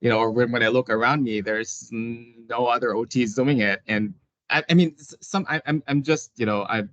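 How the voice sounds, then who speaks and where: A man's voice: medium pitch, normal speed, a bit bright, no room sound. A man, an occupational therapist, talking casually as an interview guest, hesitant with many restarts and frequent laughs.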